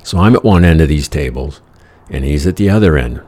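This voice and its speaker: A man's voice: very deep voice, animated, a little fast, darkish tone. A man telling a casual anecdote in a wry, exasperated, profane way. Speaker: storyteller.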